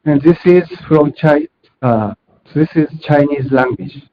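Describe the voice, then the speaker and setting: A man giving a technical conference presentation over a video call, speaking hesitantly and correcting himself as he goes. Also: on the high side. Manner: hesitant, halting with self-corrections. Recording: muffled video-call audio.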